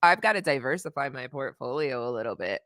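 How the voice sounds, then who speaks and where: A woman's voice: very deep voice, animated, fast, fairly bright tone, no room sound, studio quality. A woman from Canada, a guest in a casual interview, telling stories and laughing through them often.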